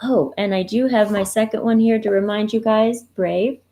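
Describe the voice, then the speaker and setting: Gentle woman coach with a mellow voice. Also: mid-range voice, steady tone, normal speed. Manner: gentle, reassuring, often asks the listener questions. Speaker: grief and relationship coach. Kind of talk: live-streamed walkthrough of resources. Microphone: computer mic, browser livestream.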